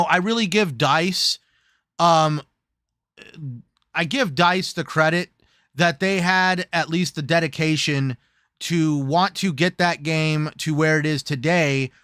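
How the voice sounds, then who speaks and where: A man hosting a casual gaming chat show, lively and joking, who slips into silly put-on voices now and then. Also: on the high side, smooth, dry recording, studio quality. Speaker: host.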